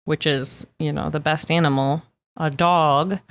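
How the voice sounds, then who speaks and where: A woman's voice: low-pitched, fairly even intonation, a little slow. A woman co-hosting a podcast, chatting playfully about a dating show and laughing often. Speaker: podcast co-host. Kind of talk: casual recap chat.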